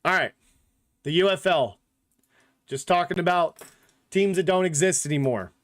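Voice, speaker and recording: High-voiced, rambling male podcast host. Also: normal speed. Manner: rambling, filler-heavy talk with frequent "like" and "literally"; blunt, joking opinions. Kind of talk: casual sports podcast chat.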